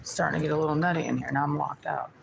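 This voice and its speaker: A woman's voice: low voice, fairly even intonation, very fast, vocal fry, background noise. A woman vlogger ranting to the camera in an aggrieved, venting way, repeating herself and swearing. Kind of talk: personal rant to camera.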